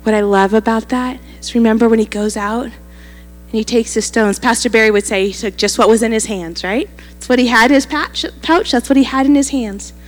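A woman's voice: a little high, steady tone, fairly quick, long reverb tail, soft background music. A woman pastor preaching a sermon, telling a story animatedly and acting out the quoted lines.

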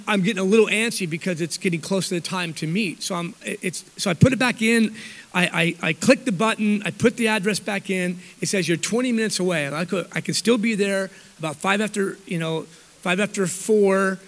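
A man's voice: high voice, moderate pace, fairly bright tone. A man telling a rambling, self-mocking story to a church audience, often correcting himself mid-sentence. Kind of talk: storytelling talk. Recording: long hall reverb.

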